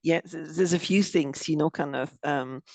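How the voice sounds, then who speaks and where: A man who learned English later talks on a video call, his voice a bit high with a gravelly edge. He hesitates and fills gaps with "you know, kind of". The sound is dry. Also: a little mellow, no room sound. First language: not English. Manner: halting, many fillers like "you know, kind of". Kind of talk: group discussion on a video call.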